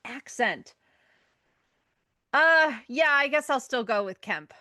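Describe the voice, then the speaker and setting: A woman's voice: high-pitched, expressive, slow, pushed and bright, no room sound, clean studio sound. A woman co-hosting a casual podcast chat who weighs her choices aloud. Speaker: podcast co-host.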